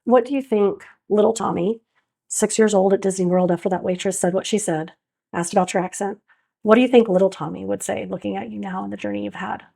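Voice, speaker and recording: A woman interviewer with a gravelly, creaky edge to her voice asks gentle, probing questions. Her voice sits at an average pitch for a woman. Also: fairly even intonation, brisk.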